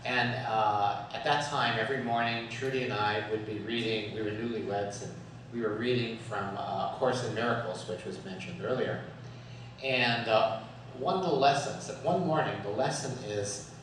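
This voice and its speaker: A man's voice: medium pitch, moderate pace, a little hiss or hum. Male guest speaker, joke-laden storyteller; distant mic in an echoey hall, faint ambience. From USA. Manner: storytelling with jokes, chuckles often. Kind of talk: humorous talk at a Sunday service. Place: worship hall.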